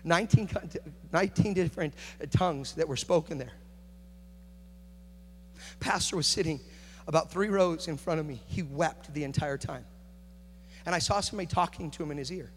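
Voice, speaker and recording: A man's voice: on the high side, moderate pace, pauses often. Preaching man in an echoey hall. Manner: builds from hushed to shouting intensity. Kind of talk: sermon. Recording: echoey hall with faint hum.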